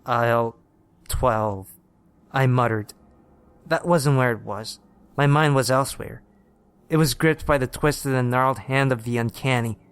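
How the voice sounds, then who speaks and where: A man narrating a first-person horror story in a steady, plain storytelling manner. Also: medium pitch, normal speed, clear, resonant tone.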